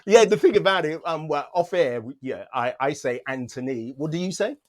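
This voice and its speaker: A man's voice: a little high, expressive, a little fast. A man hosting an interview over a video call, joking, rambling and laughing often. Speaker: interview host. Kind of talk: casual interview.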